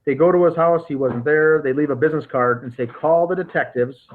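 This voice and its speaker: A man's voice: a little high, quick pace. A man hosting a podcast, recounting case details methodically with frequent restarts. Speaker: podcast host. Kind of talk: casual investigative discussion. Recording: tinny phone-like line.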